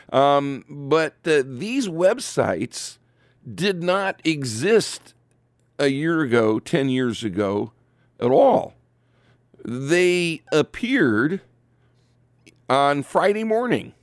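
A man of middle pitch talks through an opinionated monologue as host, trailing into uhs and restarting his sentences. His tone turns sarcastic. The recording sounds dry and close, with no room echo. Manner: sarcastic, many fillers and restarts. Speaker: commentary show host. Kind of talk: opinionated political commentary.

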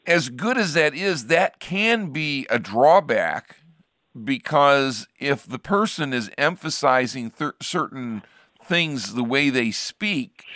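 A man's voice: medium pitch, pushed and bright, no echo, studio quality. A man hosting a radio program as a pastor, chatting casually and rambling with frequent restarts. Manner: rambling, restarts sentences often. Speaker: radio show host, pastor.

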